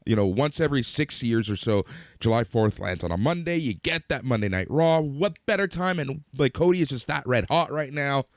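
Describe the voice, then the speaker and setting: A man's voice: medium pitch, animated, normal speed, no echo, studio quality. A man co-hosting a podcast, recapping wrestling matches in detail and chatting casually. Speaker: podcast co-host.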